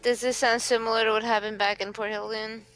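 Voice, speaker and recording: A woman's voice: on the high side, flat delivery, a little fast, fairly bright tone, soft background music, rough recording. Woman player in a tabletop game. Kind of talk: casual tabletop game talk.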